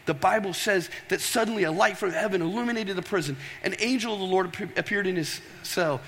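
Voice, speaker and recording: A man preaching a sermon, animated and storytelling, tossing questions to the congregation. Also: high-pitched, a little fast. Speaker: pastor. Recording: long reverb of a large hall.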